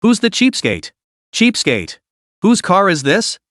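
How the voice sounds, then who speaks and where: Bratty young heroine voiced by the male narrator, whiny, lively pitch range. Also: fairly quick, dry recording, studio quality. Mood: indignant. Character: spoiled playful young woman, childish and excitable.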